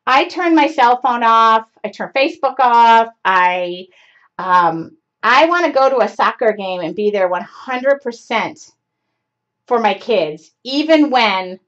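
A woman in her forties hosts a live craft show, chatting casually and rambling with plenty of filler words. Her fairly high, slightly bright voice is animated but slow. She's on a computer mic for the live stream, and the audio is dull and lo-fi.

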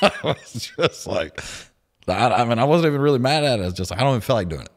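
A man hosting a podcast, telling stories in a lively, laughing way and acting out what others said. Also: deep voice, fast. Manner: animated storyteller, laughs often, acts out quotes. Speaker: podcast host. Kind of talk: casual storytelling chat.

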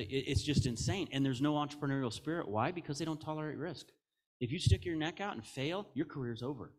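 Candid, jokey American man giving a keynote. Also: mid-range voice. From United States. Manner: candid, jokey, animated storytelling with quoted asides. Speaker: keynote speaker. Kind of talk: conference keynote talk. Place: conference stage.

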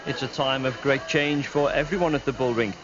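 A man reporting and narrating a television news special in a measured, scripted way. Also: mid-range voice, noisy background. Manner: measured, even reporting delivery. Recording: dull late-1990s TV broadcast audio.

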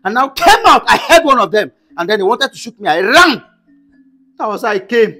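A man acting a panicked, shouting husband who has lost his car in a comedy skit. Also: very high-pitched, big pitch swings, a little fast, soft background music, full character voice. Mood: boastful storytelling. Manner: frantic, shouting, exclamatory.

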